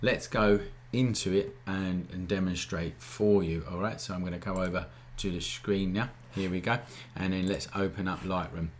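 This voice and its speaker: A low-voiced man runs a casual live-stream photography lesson. He talks in an informal, easygoing way and often tags his points with a quick check-in to the viewers. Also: slight background noise. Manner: chatty, keeps asking "all right?"; informal, relaxed wording. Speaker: photography teacher hosting a live Q&A.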